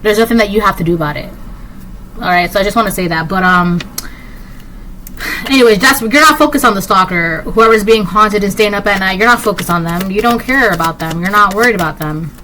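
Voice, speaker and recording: A woman talks through a casual collective tarot reading, wandering from thought to thought with plenty of "like" and "um". Her voice is bright and crisp, sitting at a medium pitch, and she speaks to the viewer in a direct, sassy way. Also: fairly quick, a little hiss or hum, poor audio. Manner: rambling, filler-heavy, with frequent "like" and "um". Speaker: tarot reader.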